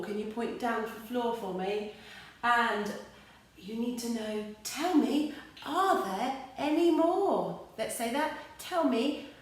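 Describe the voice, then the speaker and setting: A woman's voice: fairly high pitch, far from the mic. An English woman, an early years teacher, leading young children through simple action songs in a sing-song, encouraging way. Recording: echoey room with light music.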